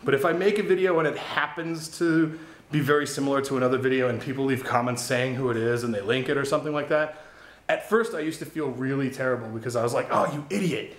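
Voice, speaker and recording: A man's voice: medium pitch, fairly even intonation, quick pace, reverberant. A man who makes gaming videos, talking casually and candidly to camera in a rambling vlog, swearing now and then. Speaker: gaming YouTuber.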